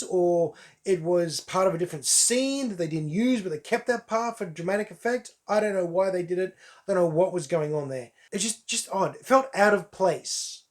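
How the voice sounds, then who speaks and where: A man giving a casual, wry and candid spoken review of a movie on camera. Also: high voice. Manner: wry, candid, offhand asides. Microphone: camera mic.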